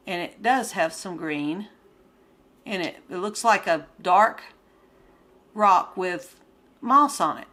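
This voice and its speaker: A woman's voice: mid-range voice, a bit bright. A woman who sells gemstones and crafts, chatting casually to her viewers as she unboxes an order and gushes over each piece. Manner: chatty, gushing, talks to viewers.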